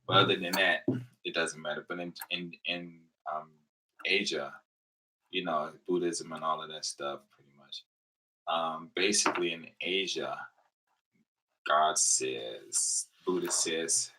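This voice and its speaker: Casual vlogger, man, low voice with a sharp bright edge, chatty storytelling, mic a bit distant. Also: fairly even intonation, unhurried. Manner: loose rambling storytelling with quoted dialogue. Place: living in Japan.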